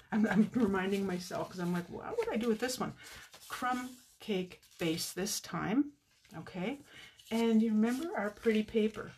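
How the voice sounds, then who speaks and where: Speaking at a medium pitch, a middle-aged woman demonstrates card making on a live stream. She chats with viewers and mutters asides to herself along the way.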